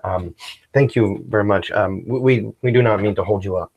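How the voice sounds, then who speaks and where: A man's voice: on the low side, moderate pace, vocal fry, highs cut off. A man voicing a polite, anxious father who speaks formal, nervous broken English. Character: polite, anxious foreign wagon-driver father.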